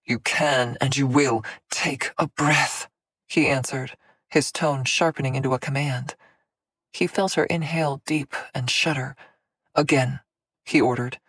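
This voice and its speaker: A woman's voice: a bass voice, steady tone, normal speed, husky, dry recording. A woman voicing a protective male fae general who speaks in a firm, soothing, commanding way.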